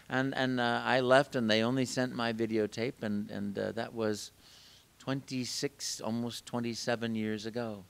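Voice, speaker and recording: Smooth-voiced animated male storyteller. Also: medium pitch, normal speed. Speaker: voice actor guest. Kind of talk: casual interview. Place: game convention.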